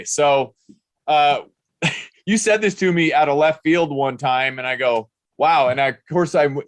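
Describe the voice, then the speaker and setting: A man's voice: a little high, no room sound. An older man hosting an interview podcast, upbeat and motivational in his delivery. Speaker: podcast host.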